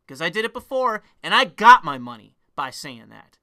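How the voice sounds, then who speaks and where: A man's voice: sits high, sing-song, moderate pace, sharp tone. A man venting in a heated, profane rant to his viewers. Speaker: vlogger. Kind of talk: ranting monologue to camera.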